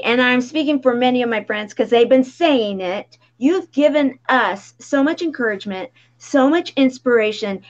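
Effusive woman host on a dull line. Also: high voice. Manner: effusive, grateful, gushing praise. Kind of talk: live show interview.

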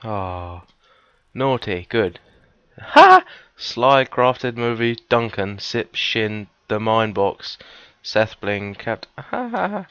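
A man giving cheeky, casual gameplay commentary, swearing often and breaking into sudden high, excited yelps. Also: slow pace, clean tone, no room sound, muffled recording. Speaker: let's player.

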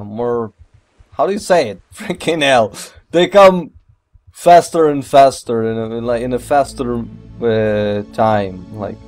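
A man doing gameplay commentary, rambling and excitable, with mild swearing and non-native English phrasing. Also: medium pitch. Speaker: let's play gamer.

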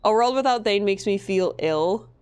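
A woman's voice: mid-range voice, lively intonation, moderate pace, a little mellow, clear, resonant tone. A young woman from Minnesota giving casual gameplay commentary, chatty, swearing freely and laughing often. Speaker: streamer.

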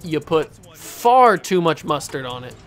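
A young man with a high, bright voice talks through a basketball video game as he plays it. He turns excitable and yells at his players, then admits his own mistakes, with faint music playing underneath. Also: a little slow. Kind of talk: casual live gameplay commentary.

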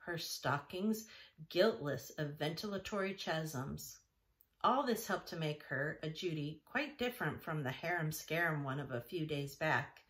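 A woman reading a classic children's novel aloud in a gentle, even narration. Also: fairly low pitch. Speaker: audiobook reader. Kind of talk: storybook narration.

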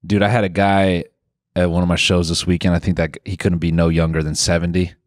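Low-voiced, slangy male comedian guest. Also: level tone, fast, dry recording, clean studio sound. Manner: laughs often, slangy and profane. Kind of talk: casual comedic chat.

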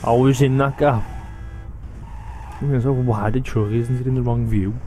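A man's voice: medium pitch, fairly even intonation, moderate pace, background noise. A young man giving let's play commentary on a driving game, exclaiming and laughing often. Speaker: gamer.

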